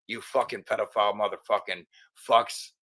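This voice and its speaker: A man's voice: on the low side, steady tone, moderate pace, pushed and bright. A middle-aged man hosting his own channel, ranting angrily in a profane, agitated monologue full of stumbling restarts. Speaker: channel host.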